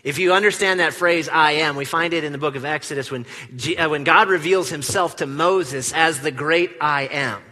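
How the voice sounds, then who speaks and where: A man preaching a sermon in a church, animated, acting out the quoted lines with big swings from loud to hushed. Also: fairly high pitch, moderate pace, few pauses, long reverb tail. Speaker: pastor. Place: church sanctuary.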